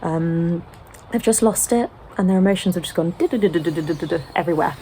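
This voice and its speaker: A British mother in a casual sit-down chat, explaining gently with frequent ums. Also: fairly low pitch, a little fast, slight background noise, poor audio. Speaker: home-educating mother.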